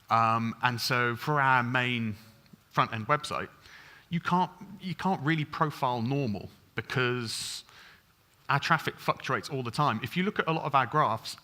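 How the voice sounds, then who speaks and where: A man speaks from a conference stage in a bright, forward voice. He rattles on in a casual, conversational way, with frequent ums and self-corrections. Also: medium pitch. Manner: fast, chatty, full of ums and restarts. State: over-caffeinated. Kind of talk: technical conference talk.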